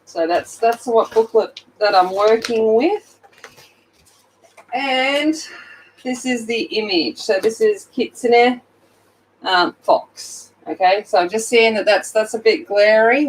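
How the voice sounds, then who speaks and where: A woman's voice: on the high side, takes it slowly, rough recording. Australian woman, sleepy, casual livestream chat, greets viewers by name, phone mic. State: sleepy, just woken up. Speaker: livestream host. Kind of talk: casual chat while colouring.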